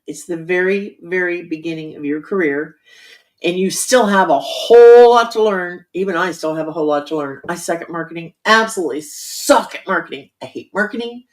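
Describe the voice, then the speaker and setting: A middle-aged woman author chatting candidly and casually with her audience about writing, with frequent ums. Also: on the low side. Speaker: author hosting a writing livestream. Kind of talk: casual chat.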